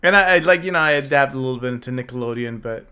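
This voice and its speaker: A man in his thirties chats loosely on a podcast, his voice hoarse and slipping away. He laughs easily and keeps clearing his throat between rambling stories. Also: medium pitch, rapid-fire, bright, forceful tone. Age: 30s. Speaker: podcast co-host. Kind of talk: casual chat.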